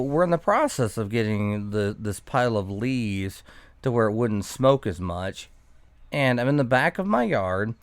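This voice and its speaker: A man's voice: on the low side, clear, resonant tone, no room sound, studio quality. A man telling a rambling, profane, sarcastic story in casual podcast chat. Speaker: podcast guest.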